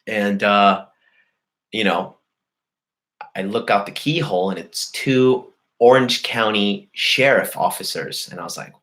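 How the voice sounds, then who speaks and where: A man's voice: on the low side, steady tone, measured pace, fairly bright tone. Profane, boastful man telling a story. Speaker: host. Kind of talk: casual storytelling to a live chat.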